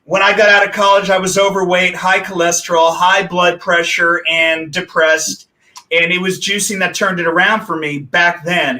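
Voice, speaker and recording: Upbeat man in his fifties, bright. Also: sits high. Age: 50s. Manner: upbeat and joking, quick to laugh. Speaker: guest. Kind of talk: casual chat.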